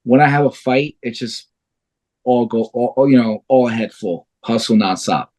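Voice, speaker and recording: At a moderate pace and medium pitch, a man in his thirties who fights for a living tells stories as a podcast guest. The chat is casual, his delivery animated, and he swears freely.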